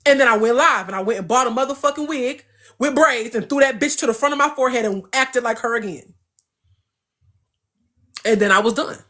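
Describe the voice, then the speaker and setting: High, bright-voiced woman telling a story. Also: a little fast, long pauses. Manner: animated, profane, emphatic. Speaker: interview guest. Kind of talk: casual storytelling.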